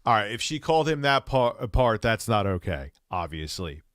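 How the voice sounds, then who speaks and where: A man's voice: on the low side, very animated, normal speed, a bit bright, no echo. A man streaming, reacting to clips in blunt, rambling, profane casual commentary.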